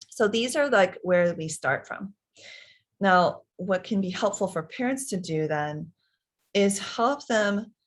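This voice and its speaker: A woman in her thirties giving parenting advice in a conversational way, acting out little dialogues between parent and child. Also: sits low. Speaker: parenting expert. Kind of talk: advice talk answering parents' questions.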